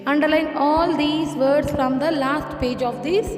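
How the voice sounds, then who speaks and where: A woman teacher with a high voice talks slowly and carefully, spelling words out letter by letter for children. She is recorded in an echoey room with a long reverb tail. Faint music plays behind her. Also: steady tone. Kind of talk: dictating a lesson, spelling words.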